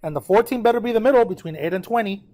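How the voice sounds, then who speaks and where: A man teaching a math lesson to his students, his voice pitched slightly above the usual for a man. He works through a graph step by step, counts numbers aloud and keeps checking that the class is following. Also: very fast, darkish tone.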